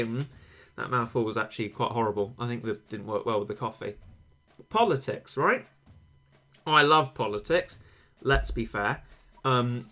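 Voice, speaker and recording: A man's voice: medium pitch, fairly bright tone. A man chatting casually with stream viewers, wry and rambling, with dry self-mocking humour, close on a desk microphone. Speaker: game streamer. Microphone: failing desk microphone tilted toward him. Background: faint game sound.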